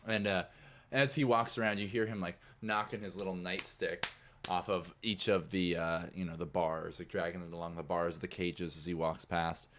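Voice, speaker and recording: A man's voice: deep voice, fairly even intonation, normal speed, a bit bright, a little hiss or hum. A man narrating as game master in a tabletop game, rambling with lots of fillers.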